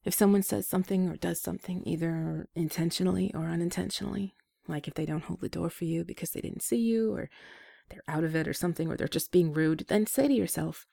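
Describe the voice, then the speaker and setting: A woman hosting an advice show, talking gently and self-deprecatingly, with small laughs between points. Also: lowish voice, quick pace, gravelly, dry recording, clean studio sound. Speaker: advice podcast host. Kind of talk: scripted advice talk.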